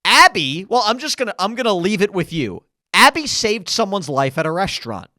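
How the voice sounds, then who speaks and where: A young man co-hosting a podcast, teasing his friend and chiming in with lively comments. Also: sits high, brisk, no room sound, studio quality. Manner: teasing, lively, interjects often. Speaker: podcast co-host. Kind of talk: casual chat.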